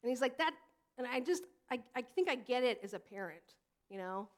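A woman pastor in her thirties delivers a sermon with a high voice. She talks in a chatty, animated way, telling stories and acting out the lines of the people in them. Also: a little fast. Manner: conversational, animated storytelling with acted quotes.

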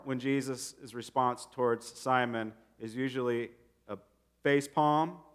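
A man in his thirties, a pastor, preaching a sermon in a conversational, animated way and acting out quotes. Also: medium pitch.

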